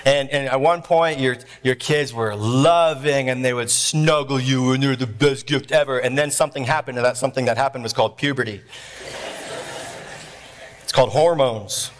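A man preaching a sermon in an animated, jokey way, laughing often between points. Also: medium pitch, moderate pace. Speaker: pastor.

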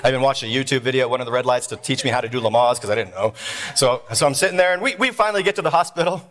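A man's voice: medium pitch, rapid-fire, big-room sound. A man in his thirties telling a humorous story in a sermon, acting out the voices of the people in it. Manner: animated storyteller acting out voices, with shouts and laughs.

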